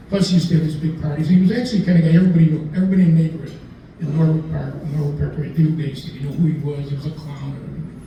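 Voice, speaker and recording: A man's voice: fairly high pitch, vocal fry, dark tone, slight background noise. Older man telling stories in a roomy hall. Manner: rambling, chuckling, acts out quoted voices. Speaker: lawyer telling stories at a dinner talk. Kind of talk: anecdotal after-dinner storytelling. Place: dinner event in a restaurant room. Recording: distant, echoey room with faint ambience.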